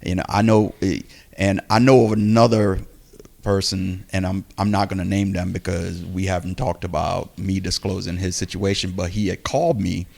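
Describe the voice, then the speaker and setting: A man co-hosting a podcast, telling a story in a casual, animated way and acting out what people said. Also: deep voice, moderate pace, vocal fry. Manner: animated, acts out quoted speech.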